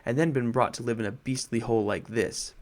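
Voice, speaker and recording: A man's voice: mid-range voice, steady tone, a little fast, natural voice. A man voicing a miserable, wound-up young boy in a storybook reading, close to his own voice.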